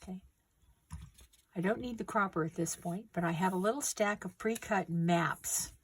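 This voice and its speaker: A middle-aged woman calmly walking viewers through a paper craft step by step while she works. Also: medium pitch, slight background noise. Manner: gentle, unhurried instructions while working with hands. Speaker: craft tutorial host.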